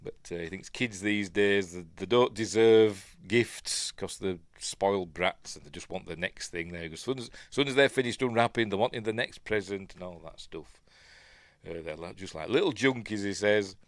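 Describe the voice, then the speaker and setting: A middle-aged Yorkshire man hosts a film review, his lowish voice moving at a moderate pace in a dry recording. He rambles casually and chattily through the commentary, tossing in self-deprecating asides.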